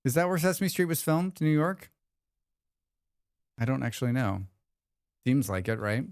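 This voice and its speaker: A man's voice: medium pitch, sing-song, moderate pace, a little mellow, clear, resonant tone, no echo, studio quality. A man hosting a game livestream, rambling casually and reading out chat messages. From United States. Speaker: livestream host. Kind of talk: casual chat with chat while gaming.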